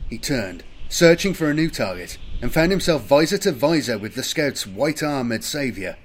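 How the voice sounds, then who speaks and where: A man giving steady, measured scripted narration of an audiobook. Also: medium pitch.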